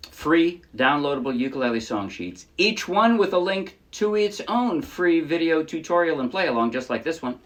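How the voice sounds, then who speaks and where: Encouraging man teaching ukulele. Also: medium pitch. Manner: encouraging, patient step-by-step explaining. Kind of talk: casual music tutorial. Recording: ukulele playing loudly under voice.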